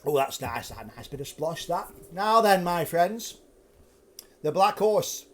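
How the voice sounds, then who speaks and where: A man hosting a live stream from his flat, telling a ghost story in a chatty, animated way. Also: fairly high pitch, measured pace. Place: flat at home.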